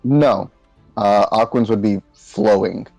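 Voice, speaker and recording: A man playing in a tabletop game, explaining things slowly with fillers. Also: on the low side, gravelly, a little mellow, no echo, faint music behind, poor audio. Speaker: player. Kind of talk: casual tabletop game talk.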